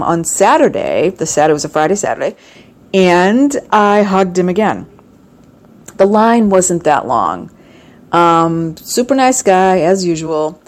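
A middle-aged woman chatting casually, telling an animated story with lots of fillers. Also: lowish voice. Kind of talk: casual chat.

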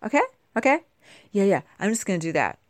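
A woman's voice: medium pitch, very animated, fast, dry recording, studio quality. A middle-aged woman chatting casually to camera at home, bubbly and rambling, her voice a little nasal from a congested cold. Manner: bubbly, chatty, wandering asides. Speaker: vlogger.

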